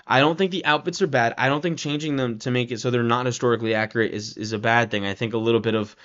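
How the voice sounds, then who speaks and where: A man at a middling pitch rants through a film review in a loose, casual way. He keeps circling back with "like" and "right?" and swears freely. The recording sounds a little dull and lo-fi. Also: fairly even intonation, fast, fairly bright tone.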